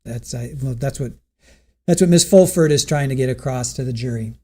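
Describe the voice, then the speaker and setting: A man's voice: medium pitch, brisk, warm tone. A man hosting a live stream, casually recapping the day's trial testimony and asking his viewers what they think. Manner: chatty, recounts testimony, asks chat questions. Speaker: trial commentary host.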